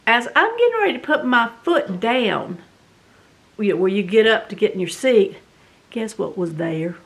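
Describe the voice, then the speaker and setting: A middle-aged woman with a Southern US accent tells a story in a casual, animated, dramatic way, full of fillers. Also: medium pitch, normal speed. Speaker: vlog host.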